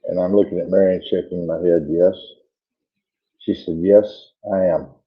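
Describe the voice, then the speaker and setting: A man's voice: low-pitched, normal speed. A man hosting a radio show, casually telling a story and acting out the voices of the people in it. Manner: animated retelling, acting out quoted voices. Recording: tinny phone-like audio.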